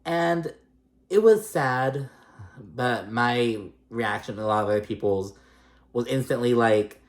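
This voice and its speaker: Casual reality-show recap host, chatty, swears, lots of fillers, middle pitch. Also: unhurried. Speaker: recap vlogger.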